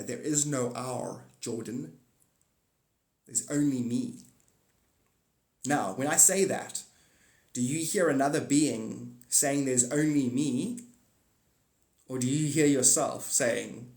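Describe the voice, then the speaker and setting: A man's voice: medium pitch, takes it slowly, a little mellow. A man hosting a livestream, rambling through a monologue and answering chat comments aloud. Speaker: livestream host. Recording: echoey room.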